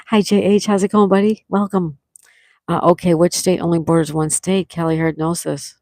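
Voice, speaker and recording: A woman with a low voice hosts a friendly trivia livestream. She reads viewers' names and answers straight from the chat and stretches out each question. The sound is dry and close, with no room echo. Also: little pitch movement, normal speed, mellow. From near Fort Lauderdale, Florida. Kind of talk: casual live-stream chat, reading viewer answers. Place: indoors at home during a thunderstorm.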